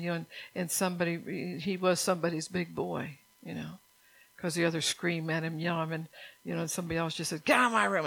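A woman's voice: lowish voice, low-quality recording. An older woman preaching in an earnest, conversational way, repeating her key phrases and mixing in personal stories. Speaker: church speaker. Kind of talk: sermon mixed with personal testimony.

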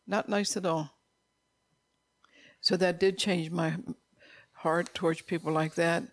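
Middle-aged preacher with a rough, fry-laden voice, informal sermon, repetitive and scolding. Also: mid-range voice, steady tone, takes it slowly, no room sound.

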